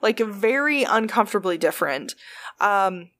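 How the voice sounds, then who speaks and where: A woman's voice: medium pitch, expressive, moderate pace, fairly bright tone. A woman casually telling stories as a podcast host, chatty and profane, full of fillers. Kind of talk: casual storytelling.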